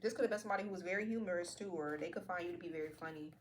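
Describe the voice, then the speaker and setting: Fast-talking woman giving a tarot reading. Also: lowish voice, a little hiss or hum. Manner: slangy, profane, playful. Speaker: tarot card reader. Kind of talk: casual tarot reading to viewers.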